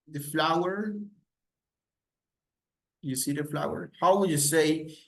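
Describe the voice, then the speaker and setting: A man's slightly high, somewhat bright voice leads a slow recorded English grammar lesson aimed at Spanish speakers. He mixes English and Spanish, repeating example questions with an upward inflection.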